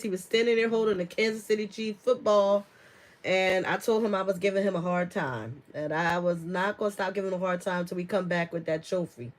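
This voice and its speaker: A woman's voice: mid-range voice, rough recording. A woman hosting a live stream as an herbalist, talking casually with lots of fillers and reading viewer comments aloud. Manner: chatty, laughs often, many fillers; reads viewer comments aloud and answers them.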